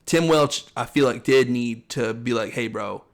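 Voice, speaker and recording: Fast-talking opinionated young man. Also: medium pitch. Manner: fast, opinionated, acts out coaches' lines in quotes. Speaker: podcast co-host. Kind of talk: casual chat.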